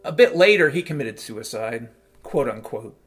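A man's voice: mid-range voice, animated, moderate pace. A man telling a first-person story in a casual, wry, matter-of-fact way, over piano music.

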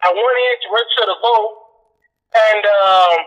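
A man's voice: high-pitched, fairly even intonation, normal speed, a bit bright, lo-fi sound. A man in a casual, profane political chat, talking bluntly and swearing constantly as he rants.

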